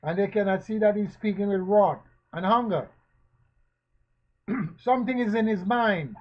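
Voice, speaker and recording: A man speaks in a fairly high voice at an unhurried, deliberate pace. He fires rhetorical questions one after another and leans on repeated phrases like a preacher. The sound is dull and lo-fi. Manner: slow, emphatic preaching cadence. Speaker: commentator. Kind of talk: spoken social commentary. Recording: dull lo-fi recording.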